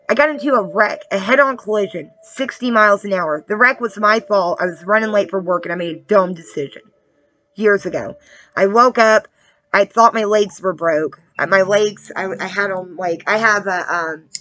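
A woman with a bright, forceful voice delivers a spiritual message like a casual sermon. She speaks earnestly and confidingly and keeps checking in with her listeners. The recording is dry and close, with no room sound. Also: mid-range voice, no echo. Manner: earnest, keeps checking in with "all right?" and "okay?"; confiding and testimonial. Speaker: spiritual card reader. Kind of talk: casual preaching to viewers.

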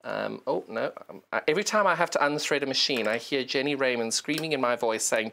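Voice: mid-range voice, lively intonation, brisk, creaky, few pauses, a bit bright. A presenter doing a live TV sewing demonstration, chatty and self-deprecating, explaining step by step while working and talking to the sewing machine. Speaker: shopping channel sewing presenter.

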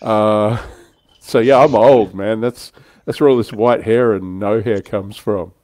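A man's voice: fairly low pitch, fairly even intonation, slow pace, a little mellow, no room sound. Older man, dry close voice. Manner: chatty, self-deprecating, laughs often. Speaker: livestream host. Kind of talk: casual livestream chat.

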